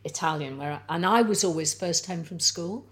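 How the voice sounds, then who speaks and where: A woman, a guest chatting over lunch and telling stories in a relaxed, chatty way. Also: fairly low pitch, normal speed, slightly rough. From North Wales. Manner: chatty storyteller, lots of "like" and "you know". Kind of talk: casual chat over lunch.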